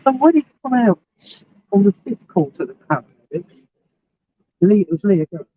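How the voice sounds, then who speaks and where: A woman's voice: mid-range voice, very animated, moderate pace, husky, dry recording. A woman chatting casually and telling stories outdoors, swearing freely as she talks. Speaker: livestreamer chatting with passers-by. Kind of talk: casual street chat. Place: outdoors near a court building. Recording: tinny, dry phone audio.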